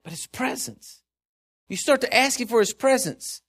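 Guy preaching, high voice that swings all over the place, chatty and emphatic. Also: moderate pace, vocal fry, breathy edge. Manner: animated, emphatic and conversational. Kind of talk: sermon.

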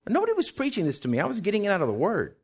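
A middle-aged pastor preaching a sermon, telling a personal story with acted-out quotes and sudden shouts. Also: male voice, sits high, wildly swooping pitch, rapid-fire, slightly rough.

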